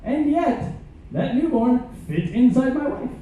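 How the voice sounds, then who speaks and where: A man with a very high, dark-toned voice and lively intonation speaks a little slowly, doing absurd stand-up jokes full of hesitant fillers in a large ship theater. He's a comedian and musician, and his stage mic is picked up by a camera far from the stage, so the audience recording sounds echoey, distant and tinny, with slight background noise.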